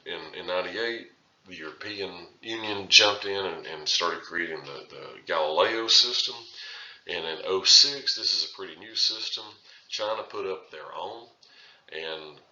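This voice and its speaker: A man with a low, sharply edged voice delivers a recorded lecture, talking loosely and often circling back to restart his phrases. The sound is roomy and a little dull, like a lo-fi classroom capture. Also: bright, forceful tone. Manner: conversational, with frequent restarts and filler phrases. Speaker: surveying instructor.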